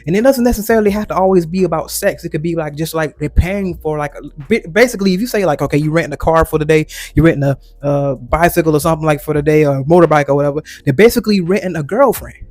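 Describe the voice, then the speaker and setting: A man's voice: fairly high pitch, fast talker, few pauses, a little mellow, dry recording. A man hosting his own channel, giving a casual opinion monologue that rambles with frequent restarts and quoted asides. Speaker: commentary channel host.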